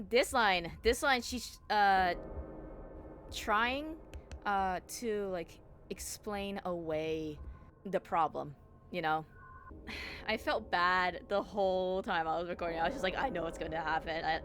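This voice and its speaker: A young woman voice actor chatting casually about her role, rambling with lots of fillers. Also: fairly low pitch. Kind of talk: casual commentary on her own performance.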